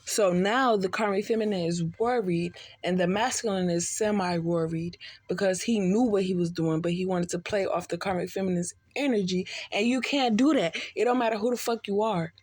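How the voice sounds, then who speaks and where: A woman's voice: medium pitch, moderate pace, few pauses, a little mellow, breathy edge, no echo. A tipsy woman giving a casual spiritual reading, blunt and profane, full of streetwise slang. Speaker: tarot reader.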